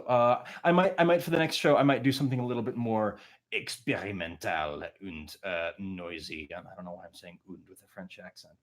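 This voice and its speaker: A man, a musician, chatting casually with his livestream audience between songs, rambling and self-deprecating with lots of fillers. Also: lowish voice.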